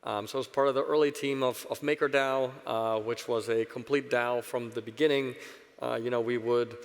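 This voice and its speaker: Halting man on a conference panel. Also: medium pitch. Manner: halting, many restarts and "right?" tags. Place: conference stage in a large hall. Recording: reverberant hall.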